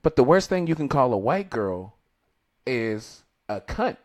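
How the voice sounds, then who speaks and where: A man's voice: mid-range voice, very animated, unhurried. A man co-hosting a podcast in casual chat, talking loosely and profanely, with frequent restarts. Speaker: podcast co-host.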